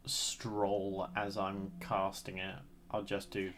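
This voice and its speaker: A player in a casual tabletop game, playful and quick to laugh. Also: deep voice, monotone, a little hiss or hum.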